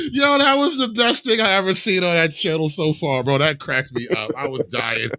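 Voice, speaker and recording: Give me a man in casual chat who recounts a story with lots of energy and breaks into laughter. His voice sits a bit high. The sound is dry and close, with no room behind it. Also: moderate pace, bright, forceful tone, dry recording. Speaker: co-host.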